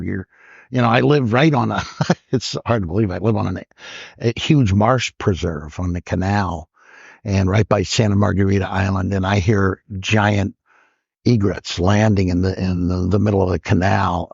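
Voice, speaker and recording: An older man, a comedian guest, telling stories in casual chat, laughing often and jumping into loud high voices when he quotes people. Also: vocal fry, husky, no echo, lo-fi sound.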